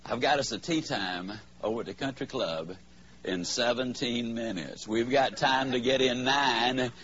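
A man voicing a golfing buddy calling on the phone, low and matter-of-fact. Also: unhurried, a bit bright, lightly acted. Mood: casual. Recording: slightly dull, faint background hiss.

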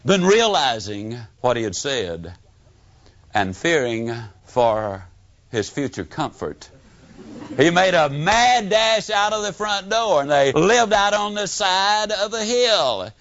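A man giving a motivational speech, telling folksy stories with dramatic swings in pitch and pace. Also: sing-song, slow pace, a bit bright. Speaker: motivational speaker. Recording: dull lo-fi recording.

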